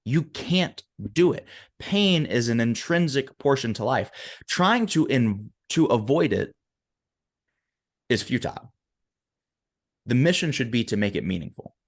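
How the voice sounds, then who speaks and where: A man's voice: mid-range voice, lively intonation, a little slow, pauses often. A man, a motivational speaker and coach, telling a story as a podcast guest, emphatic and often checking in with the listener.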